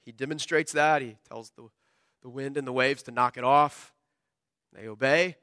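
A male pastor delivering a sermon in a high, bright voice. He preaches with passion, his voice climbing to loud peaks and sinking to hushed lows. The sound is close and dry. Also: dry recording. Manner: impassioned preaching, rising and dropping sharply in pitch and loudness.

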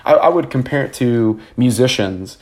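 An earnest male pastor preaching a sermon in a mid-pitched voice. He speaks conversationally, often pausing on fillers and restarting phrases as he builds his point. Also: expressive, darkish tone.

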